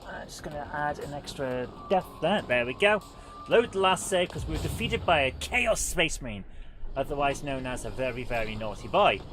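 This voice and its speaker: Over background music, a low-voiced woman talks at a normal pace with lively intonation. As a livestream gaming host, she plays while rambling, poking fun at herself and saying hello to people in chat.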